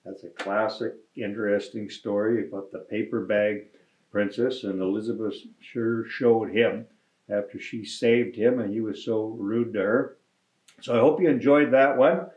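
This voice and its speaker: A man, a mayor, reading a children's picture book aloud in a gentle, friendly storytelling manner. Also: lowish voice, steady tone, unhurried. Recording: echoey room, dull lo-fi sound.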